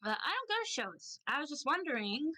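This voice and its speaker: A woman's voice: high-pitched, very animated, a little fast, sharp tone, pitched above the performer's own voice, full character voice. A woman voicing a shy, socially awkward young adventurer who speaks hesitantly and is awkwardly friendly.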